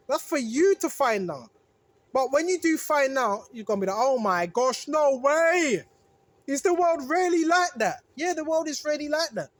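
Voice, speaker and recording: In a high voice, a religious video maker preaches to viewers in a relaxed way. The delivery is full of repeated phrases for emphasis, restarted sentences, self-corrections, and the recurring question "right?"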